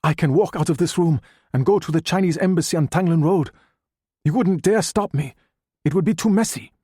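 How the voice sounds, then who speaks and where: A man's voice: on the high side, moderate pace, darkish tone, husky, no echo, clean studio sound, voice pushed up. A man voicing an indignant older male scientist who speaks stiffly and commandingly. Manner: stiff, commanding, rising to anger.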